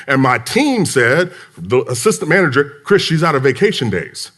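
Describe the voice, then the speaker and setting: A man giving a motivational leadership talk to a live audience, an animated storyteller who acts out dialogue with emphasis. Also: mid-range voice, fast. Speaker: business speaker. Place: conference hall.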